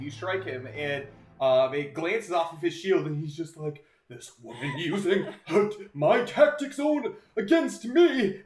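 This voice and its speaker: A man running a tabletop game as game master, relaxed and chuckling, with many fillers. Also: mid-range voice. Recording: roomy echo.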